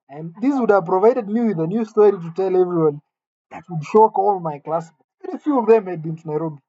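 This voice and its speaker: A man's voice: high-pitched, dark tone, no room sound, dull audio. A man from Kenya, telling a candid, self-deprecating personal story in a conversational way.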